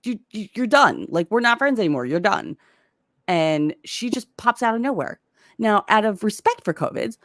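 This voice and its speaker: A woman in casual livestream chat, animated and swearing as she tells a story. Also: medium pitch, no room sound, studio quality.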